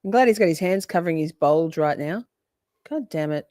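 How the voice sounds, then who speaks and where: A woman's voice: deep voice, animated, fairly quick, a little mellow, no echo, clean studio sound. A woman streaming live reaction commentary on a trial, making crude, profane, joking asides and reading out chat.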